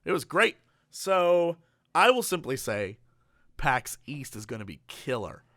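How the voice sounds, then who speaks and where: A man co-hosting a podcast in casual chat, excitable and joking. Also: fairly high pitch, unhurried, no room sound, clean studio sound. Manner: excitable, sings and does silly voices. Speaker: podcast co-host.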